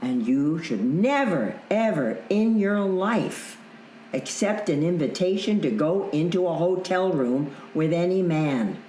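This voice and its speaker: An older woman voicing a calm, stern young man giving a firm, steady lesson within her story. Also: on the low side, measured pace, roomy sound, a little hiss or hum, voice pushed up, poor audio. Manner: steady and instructive.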